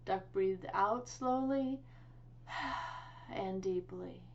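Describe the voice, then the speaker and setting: Slow, expressive storytime librarian woman. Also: lowish voice, muffled recording. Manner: slow, expressive, sing-song reading with animal sounds. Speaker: children's librarian. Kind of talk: children's storytime read-aloud.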